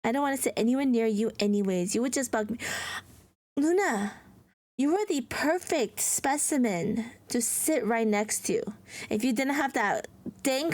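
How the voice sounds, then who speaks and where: A woman streamer chatting live with her viewers, giggly and playful, teasing them with dramatic mock outrage. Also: fairly high pitch.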